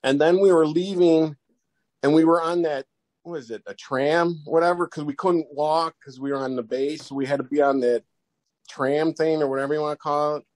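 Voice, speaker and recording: A man tells a long, rambling anecdote on a podcast, circling back and restarting as he goes. His voice sits a little above the usual male range, and his delivery is loose and animated. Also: on the high side, normal speed. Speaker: podcast guest. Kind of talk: casual storytelling.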